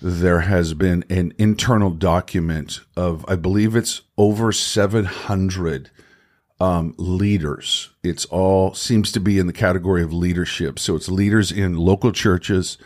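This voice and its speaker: A man co-hosting a faith podcast, talking slowly and haltingly, restarting his sentences as he works through his thoughts. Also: sits low, steady tone, darkish tone. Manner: halting, restarts often, thinking aloud. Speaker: podcast co-host. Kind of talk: casual faith discussion.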